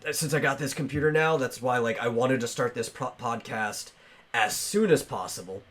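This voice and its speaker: A man's voice: mid-range voice, moderate pace, fairly bright tone. A man hosting a casual podcast, talking loosely with lots of fillers and restarts. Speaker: podcast host.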